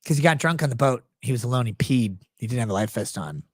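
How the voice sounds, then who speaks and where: Lively, sarcastic man telling a crude story. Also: medium pitch, fast talker, dry recording, clean studio sound. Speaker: lawyer and livestream host. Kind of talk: casual livestream storytelling.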